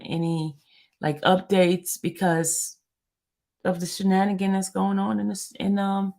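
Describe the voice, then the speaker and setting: A woman's voice: lowish voice, creaky. A woman blogger on a live stream, talking to her viewers in a frustrated way and often repeating herself. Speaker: court news blogger.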